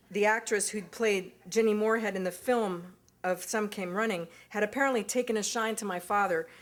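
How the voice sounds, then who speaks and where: A woman reading aloud from her own memoir at a university event, with a wry, amused delivery. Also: mid-range voice.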